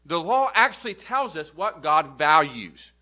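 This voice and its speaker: A pastor delivering an earnest sermon, teaching step by step and leaning hard on key words. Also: male voice, fairly high pitch, sing-song, measured pace, pushed and bright. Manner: earnest, emphatic teaching with repeated stresses. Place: church.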